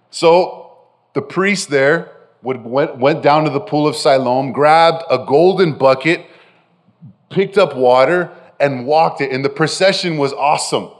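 A man preaching a sermon, animated and direct with his listeners, often dropping from loud emphasis to soft, intimate phrases. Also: fairly high pitch. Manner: addresses listeners directly with frequent "right?". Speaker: pastor.

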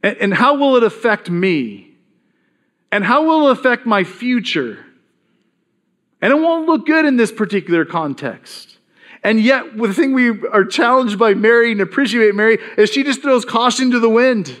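A man's voice: very high-pitched, lively intonation, moderate pace, fairly bright tone. A man preaching a sermon in a conversational way, reading scripture aloud and acting out the voices in it. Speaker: pastor.

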